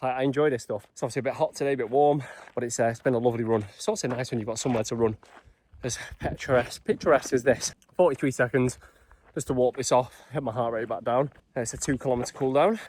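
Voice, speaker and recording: Male vlogger, mid-pitched, casual and chatty, talks viewers through his day. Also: fast talker, a little mellow, a little hiss or hum. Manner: chatty, upbeat, explains as he goes. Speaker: fitness vlogger. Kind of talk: casual vlog narration.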